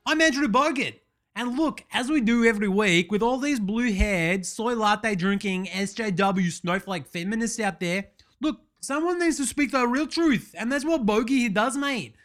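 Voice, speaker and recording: A man's voice: high voice, expressive, moderate pace, a bit bright, voice pushed up. An Australian man putting on a brash male sportsman who rants in a blustering, self-satisfied way. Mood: smug ranting. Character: brash male sportsman ranting about online critics.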